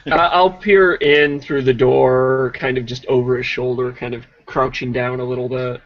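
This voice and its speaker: A man's voice: mid-range voice, little pitch movement, moderate pace. Man asking careful questions at a game. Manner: thoughtful, asks probing questions. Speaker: player. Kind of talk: casual tabletop play. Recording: lo-fi, dull recording.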